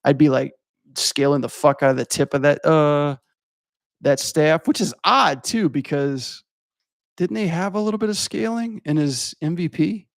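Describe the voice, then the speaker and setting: A man's voice: on the high side, moderate pace, vocal fry, no room sound, studio quality. A young adult man from Louisiana, rambling and swearing as he critiques animation for his stream chat. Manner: rambling, profane, filler-heavy.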